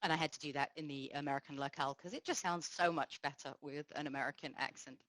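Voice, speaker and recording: Low-voiced woman giving a tech talk. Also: steady tone, a bit bright, no room sound, rough recording. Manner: explanatory, measured, frequent fillers. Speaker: conference speaker. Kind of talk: technical conference talk.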